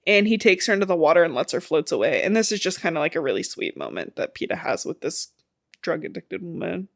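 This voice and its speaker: A woman's voice: deep voice, very animated, fast, vocal fry. Young woman co-host with a slight lisp; loose, rambling recap delivery with casual swearing. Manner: rambling, swears casually, acts out quoted lines. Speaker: podcast co-host. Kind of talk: casual book recap chat.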